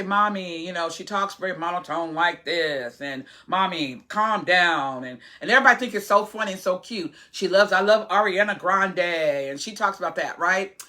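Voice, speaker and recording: A woman's voice: medium pitch, pushed and bright. A woman in her forties talking casually to her followers, chatty and earnest, rambling with many fillers and restarts. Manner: earnest, opinionated. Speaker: vlogger. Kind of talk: casual vlog talk to camera.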